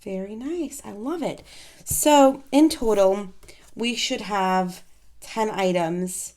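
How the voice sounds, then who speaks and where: A woman chatting casually in an unboxing vlog, gushing with excitement, gasping and exclaiming softly as she shows off planner supplies at her desk. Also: mid-range voice, slow. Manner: gushing, excitable, frequent gasps and soft exclamations.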